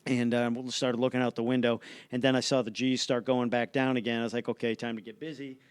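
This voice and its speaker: A man, a guest on an interview podcast, telling an animated play-by-play story with many fillers and restarts. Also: mid-range voice, fast, smooth, dry recording. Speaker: astronaut guest.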